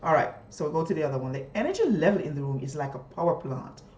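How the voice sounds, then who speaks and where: A woman teacher explaining a reading lesson, often jumping high in pitch as she models questions to students. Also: sing-song, quick pace, darkish tone, muffled recording. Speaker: teacher trainer. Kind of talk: instructional talk modeling a classroom lesson. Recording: echoey room.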